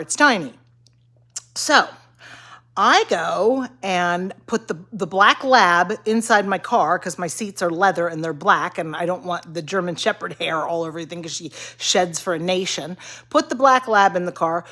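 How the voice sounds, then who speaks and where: A middle-aged woman in bed at home, telling a comically bad day in an animated, self-mocking way. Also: mid-range voice. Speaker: vlogger. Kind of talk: casual storytelling vent.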